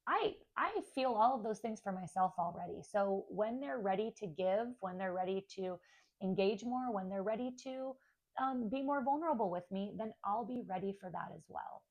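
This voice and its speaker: A woman's voice: mid-range voice, moderate pace, darkish tone. Young woman vlogger, candid and chatty, telling her family story to camera. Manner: candid, chatty, acts out kids' voices. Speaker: stepmom vlogger.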